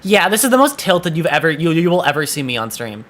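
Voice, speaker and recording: A man chatting on a game stream with a slightly high, bright and edgy voice. He sounds exasperated, swears freely and keeps restarting his sentences as he vents. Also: big pitch swings, quick pace. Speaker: VTuber streamer. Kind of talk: casual gaming stream chat.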